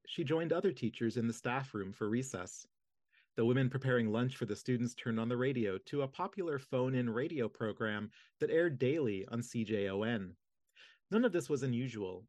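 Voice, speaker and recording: A man reading nonfiction history aloud in a measured, steady narration. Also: mid-range voice, no echo. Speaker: reader of a history book. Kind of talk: audiobook-style reading.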